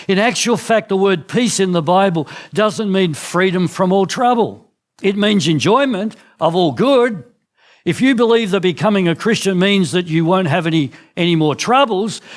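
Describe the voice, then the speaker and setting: A man's voice: animated, moderate pace. Earnest Australian man preaching. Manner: earnest, with frequent restarts and drops in pitch. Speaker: pastor. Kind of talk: sermon. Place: church.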